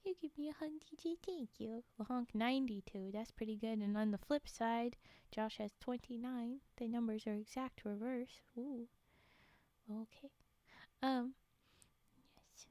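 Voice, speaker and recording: A young woman hosting a casual live stream, bubbly and apologetic, often slipping into soft whispery asides as she chats with viewers. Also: on the high side, moderate pace, no room sound. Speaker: livestream host.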